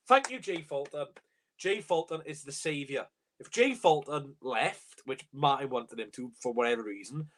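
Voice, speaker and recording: A young man with a slightly high voice rants on a live reaction stream. He talks bluntly and swears a lot, exasperated and casual. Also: a bit bright. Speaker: fan channel host.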